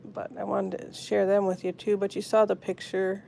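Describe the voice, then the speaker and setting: A woman hosting a live stream from her phone, talking softly and sadly to viewers in the chat. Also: mid-range voice, flat delivery, moderate pace, vocal fry, a little hiss or hum. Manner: soft, grieving, answering chat comments. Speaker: pet channel host.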